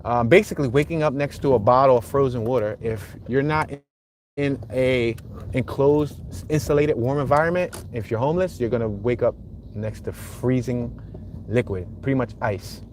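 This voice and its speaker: Male street-tour streamer, relaxed and talkative, speaking from behind the wheel. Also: mid-range voice, moderate pace, a little hiss or hum. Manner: chatty, reads viewer comments aloud and greets chatters. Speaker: livestream host driving a neighborhood tour. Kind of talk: casual live commentary while driving. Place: inside a car on city streets.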